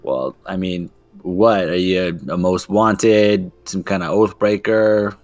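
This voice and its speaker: A man's voice: low-pitched, fairly even intonation, takes it slowly, no room sound, soft background music. A man playing a tabletop game who questions another character bluntly, in character. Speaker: player.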